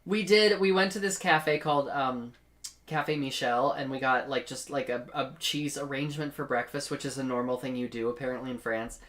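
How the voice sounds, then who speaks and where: Low voiced woman on a podcast, chatty and laughing a lot, storytelling. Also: fairly even intonation, moderate pace. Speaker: podcast co-host. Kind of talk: casual chat.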